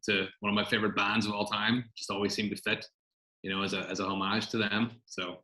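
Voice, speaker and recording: A man's voice: on the low side, flat delivery, quick pace, bright, forceful tone, reverberant, poor audio. A man, a film director answering interview questions in a chatty, rambling way with many fillers.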